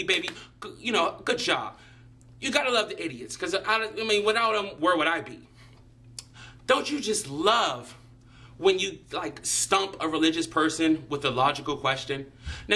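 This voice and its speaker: A man's voice: high voice, bright, forceful tone. A man delivering a profane, sarcastic comedic rant to camera, mocking people and sometimes putting on voices. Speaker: vlogger.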